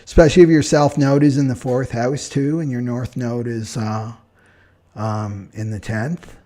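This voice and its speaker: A man who is an astrologer, chatting in a relaxed way on a live stream as he answers viewer comments, often adding "right?" and short laughs. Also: mid-range voice, measured pace. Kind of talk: live-stream talk and chart reading.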